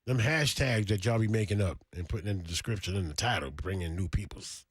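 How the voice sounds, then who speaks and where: A man hosting a morning radio show from a studio, with energetic, hype announcer delivery. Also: fairly low pitch, quick pace, husky, no echo. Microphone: studio microphone.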